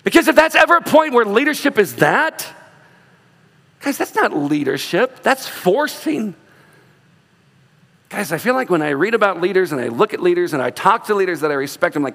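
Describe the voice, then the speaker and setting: A man with a notably high voice preaches a lively sermon to his church. He shifts his tone to act out the people he quotes. His words ring out with the long reverb of a large hall. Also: moderate pace. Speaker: pastor.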